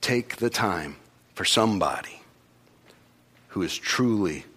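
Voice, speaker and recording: A man preaching a sermon in a conversational way, rising to loud urgent passages and dropping to quiet intimate ones. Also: deep voice, expressive, slow pace, slightly rough.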